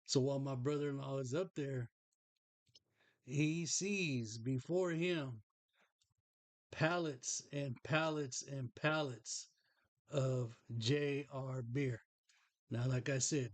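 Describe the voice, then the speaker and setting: A man's voice: mid-range voice, slow pace, no room sound. Folksy rambling man. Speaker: podcast host. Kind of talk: casual show-and-tell chat.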